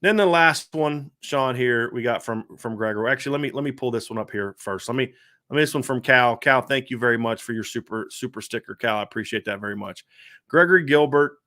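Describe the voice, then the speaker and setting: A man's voice: medium pitch, fairly quick, pushed and bright. Chatty man hosting a sports podcast. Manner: chatty, rambling with filler words. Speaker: podcast host. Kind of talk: casual sports talk show.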